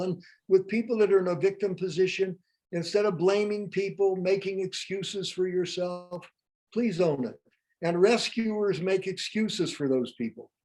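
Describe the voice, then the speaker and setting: A man's voice: high-pitched, darkish tone. A man presenting a live workshop, teaching through humorous everyday anecdotes.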